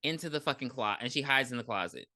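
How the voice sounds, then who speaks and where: A woman co-hosting a podcast, recapping a movie in blunt, profane, animated casual chat. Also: extremely low pitch, fast talker, dry recording, studio quality. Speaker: podcast co-host.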